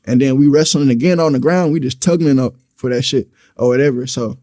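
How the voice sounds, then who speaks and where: A young man with a dark, mellow voice, recounting events in a blunt, casual and profane way. His pitch sits in a normal middle range for a man. He tells it as plain street storytelling. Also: brisk. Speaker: storyteller in an interview clip.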